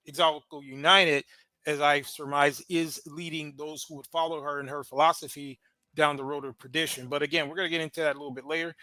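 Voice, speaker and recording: Podcast host guy, bright slightly high voice, chatty w lots of ums and chuckles, dry close sound. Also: dry recording. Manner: conversational, laughs often, many fillers. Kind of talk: casual commentary.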